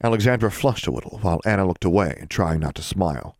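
A man narrating an audiobook with calm storytelling. His voice sits low but moves expressively. The recording is dry and close. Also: fast, dry recording.

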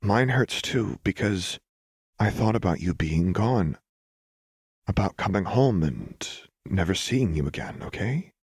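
A man voicing a gentle young woman who speaks in a soft, earnest, reassuring way. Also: low-pitched, expressive, unhurried, breathy edge, no echo, clean studio sound, heavily acted. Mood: tender.

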